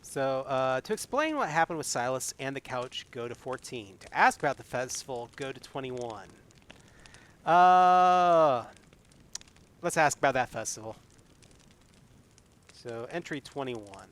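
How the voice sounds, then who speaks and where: A man's voice: mid-range voice, expressive, unhurried, pauses often, a bit bright. A man streaming a solo tabletop adventure, reading its text aloud and adding wry asides. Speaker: solo game player and streamer.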